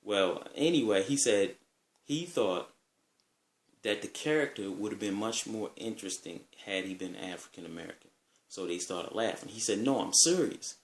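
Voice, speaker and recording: A man's voice: on the low side, normal speed, roomy sound. A man casually telling stories in a laid-back, rambling way, swearing freely. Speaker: vlogger. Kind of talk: casual storytelling.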